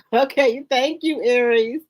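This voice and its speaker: A woman's voice: on the high side, takes it slowly, no echo. A woman hosting a casual livestream, greeting viewers one by one with repeated hellos in an informal, chatty way. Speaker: livestream host.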